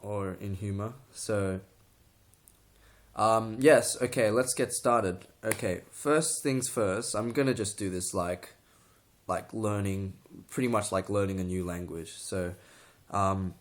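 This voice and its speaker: A man's voice: lowish voice, slow. A young man talking to the camera in a casual tutorial, rambling, restarting sentences and getting sidetracked. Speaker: vlogger.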